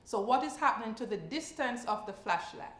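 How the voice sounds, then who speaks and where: A woman's voice: on the high side, expressive, fairly quick, fairly bright tone, reverberant, a little hiss or hum. A woman teaching a science exam practice lesson. She explains step by step and keeps checking in with questions to her students.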